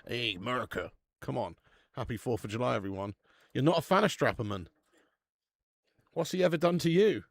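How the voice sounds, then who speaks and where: British male streamer, young, gravelly, dry close-mic sound, loose sweary banter. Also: mid-range voice, expressive, brisk, pauses often, dry recording. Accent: British English. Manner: chatty, swears freely, reads viewer comments aloud. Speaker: watch-along host. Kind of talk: casual live-stream chat.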